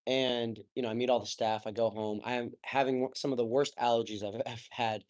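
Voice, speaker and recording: A young man speaks as a podcast guest in a mid-pitched voice. He tells his story openly and with emotion, and he swears casually and keeps saying "like" and "bro." The delivery is loose and conversational. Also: fairly even intonation, a little fast, darkish tone. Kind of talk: candid personal storytelling.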